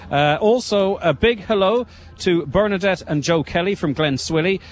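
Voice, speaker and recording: Upbeat Irish radio presenter outdoors. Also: male voice, high-pitched, normal speed. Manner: upbeat, with shout-outs. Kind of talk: live outside broadcast. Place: outdoor show ground.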